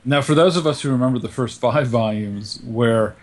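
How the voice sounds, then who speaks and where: A man's voice: mid-range voice, moderate pace. A man, co-hosting a casual podcast chat, rambling with many fillers and restarts. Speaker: podcast co-host.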